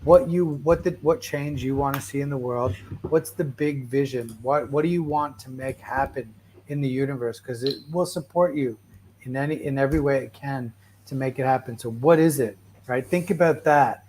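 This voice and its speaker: Hosting a casual motivational talk, a man speaks at a moderate pace in a mid-range voice, with a little hiss or hum on the recording. He tells stories restlessly and animatedly, rambling with constant "right?" and "like" and many restarts.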